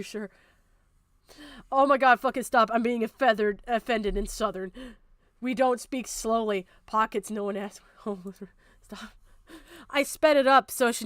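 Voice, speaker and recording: A woman's voice: on the high side, no echo, clean studio sound. A young woman streamer giving angry, profane reaction commentary, ranting hard and breaking into laughter.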